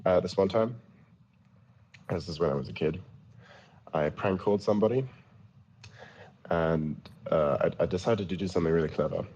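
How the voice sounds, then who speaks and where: A man's voice: low voice, moderate pace, pauses often, darkish tone, dull audio, a little hiss or hum. A man casually telling prank-call stories in a rambling, stammering way. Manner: rambling, stammering restarts, chuckling. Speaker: storyteller in a voice chat. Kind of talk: casual storytelling.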